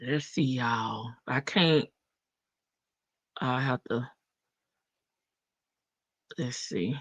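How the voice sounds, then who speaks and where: A woman's voice: a bass voice, slow pace, gravelly, long pauses, breathy edge. A woman hosting a casual live stream, chatting and laughing with her viewers in as she reads updates. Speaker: livestream host. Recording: dull lo-fi stream audio.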